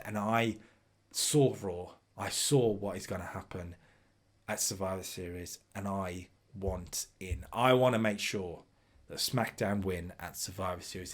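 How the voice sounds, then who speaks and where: Chatty man recapping a game. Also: on the low side. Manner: chatty, recaps segments and reads out ratings. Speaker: streamer booking a wrestling sim. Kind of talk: casual game commentary.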